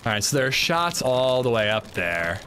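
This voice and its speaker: A man's voice: mid-range voice, normal speed, a little hiss or hum. A young man live-streaming a game, casually telling a story to his chat and laughing along. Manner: animated storytelling, laughing, reading chat aloud. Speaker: livestreamer.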